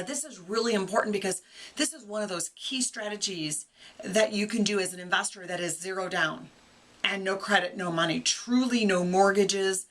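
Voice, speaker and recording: A woman's voice: medium pitch, fairly bright tone. A middle-aged woman giving a casual video lesson on real estate investing, upbeat and conversational, with fillers and restarts.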